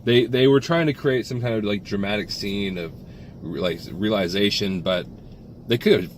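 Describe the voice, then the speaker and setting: Low-voiced man rambling through a film review. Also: normal speed, slight background noise. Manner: rambling, many restarts and fillers. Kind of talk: casual film review chat.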